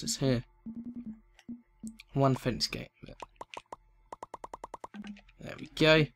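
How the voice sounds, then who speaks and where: A man giving excitable let's play commentary, chatting to the animals in the game. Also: mid-range voice, measured pace, long pauses, faint music behind.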